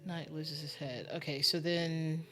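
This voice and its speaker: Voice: mid-range voice, level tone, unhurried, fairly bright tone, faint music behind. A streamer thinking aloud during a casual live-stream game commentary, muttering and musing with lots of fillers.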